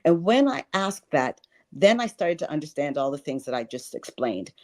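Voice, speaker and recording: A woman in her sixties, a life and wealth coach, speaks earnestly as an interview guest in a low, slightly mellow voice with big pitch swings at a moderate pace. She repeats phrases for stress during this spiritual interview talk.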